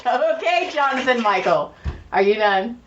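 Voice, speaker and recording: Woman co-host, animated storyteller, higher voice with lots of swing, dull lo-fi sound. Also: moderate pace, background noise. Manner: animated storytelling with laughs and profanity. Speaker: podcast co-host. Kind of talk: casual chat.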